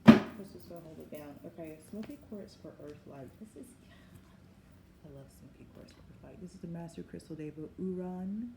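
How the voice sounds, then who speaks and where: A fairly low voice with lively intonation at normal speed belongs to this Southern tarot reader in her forties. She muses effusively through a spiritual reading, often calling things wild, amid echo and background noise.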